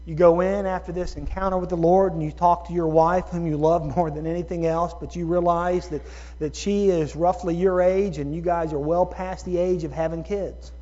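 A man preaching a sermon, moving from calm teaching to loud, excited preaching. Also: fairly high pitch, moderate pace. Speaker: pastor. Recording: dull sound with long hall reverb.

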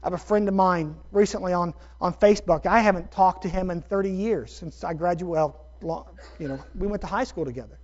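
A middle-aged man, a pastor, telling a story in a sermon with animated, self-deprecating bursts of energy. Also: high-pitched, a little fast, few pauses. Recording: dull lo-fi sermon recording.

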